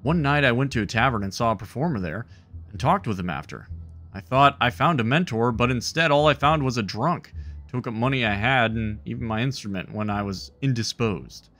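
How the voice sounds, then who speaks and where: A man's voice: mid-range voice, fairly quick, a bit bright, close to an everyday voice. A man voicing a nervous, earnest young male bard while reading game dialogue aloud. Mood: earnest, wistful. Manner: reads the bard's lines aloud in his own voice.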